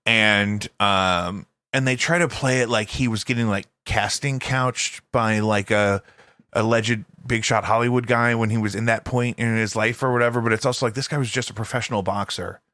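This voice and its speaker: A man hosting a podcast, talking in a loose, rambling way full of "um"s and restarts. His voice is bright and forward, recorded close and dry with no room sound around it. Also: on the low side, fairly even intonation, normal speed, dry recording. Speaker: podcast host. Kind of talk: casual chat.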